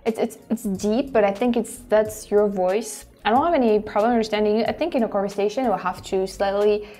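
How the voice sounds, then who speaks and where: A woman's voice: medium pitch, fairly quick, dark tone. A woman with a French accent, a native French speaker, hosting a vlog and thinking aloud with many restarts and fillers. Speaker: host. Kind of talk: casual vlog commentary.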